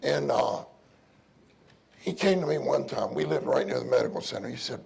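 A man giving an informal, earnest sermon at a meeting, crying out loudly when he calls on the Lord. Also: mid-range voice, normal speed, creaky, pauses often, a crowd in the background. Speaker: preacher at a church meeting.

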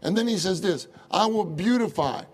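A man preaching a sermon in an animated way, often asking the audience rhetorical questions and chuckling through his stories. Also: high-pitched, moderate pace. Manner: chuckles often while telling anecdotes.

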